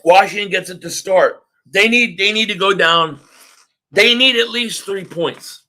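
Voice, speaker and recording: High, bright-voiced man ranting live. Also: measured pace. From Philadelphia area. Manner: excitable, often shouting and ranting. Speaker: live stream sports reaction host. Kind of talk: live game reaction rant.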